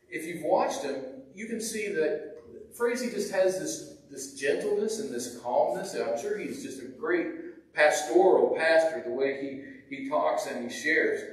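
Higher-voiced preacher, echoey and distant. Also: male voice. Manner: conversational, with restarts and repeated words. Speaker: pastor. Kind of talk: sermon. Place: church sanctuary. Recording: echoey church from far off.

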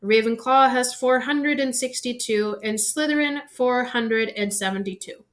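A woman voicing a cheerful, whimsical old male headmaster who makes measured announcements. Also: a little high, a bit bright, pitched above the performer's own voice.

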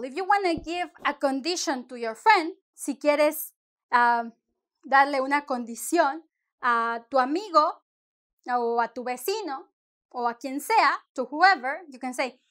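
A woman teaches in a relaxed video lesson. Her voice sits high, and she explains each point slowly, moving between example sentences and English. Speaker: Spanish teacher.

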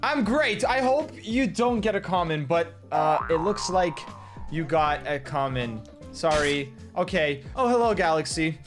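A man hosting a gaming video, announcing winners in a hyped, shouty way and teasing the players. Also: on the high side, animated, unhurried, over music. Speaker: host. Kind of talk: excited gaming video commentary.

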